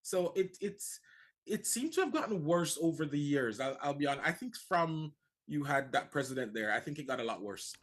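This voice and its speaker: A man's voice: fairly high pitch, expressive, moderate pace, a bit bright. A man from Jamaica with a Jamaican accent, a guest on a talk show, telling his story earnestly and often repeating words as he starts. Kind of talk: casual talk-show conversation.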